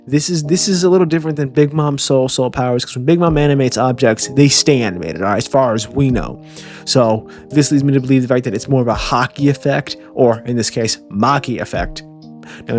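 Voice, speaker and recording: A man's voice: mid-range voice, a little mellow. A man casually reacting to a comic chapter, rambling and joking with profanity and stammering repeats. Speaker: manga chapter reviewer.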